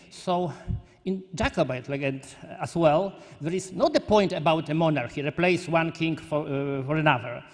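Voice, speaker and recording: Polish man giving a halting hall speech. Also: fairly high pitch. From Poland. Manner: halting, searching for words, earnest. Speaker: conference delegate speaker. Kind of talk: conference speech. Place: large conference hall. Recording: long hall reverb.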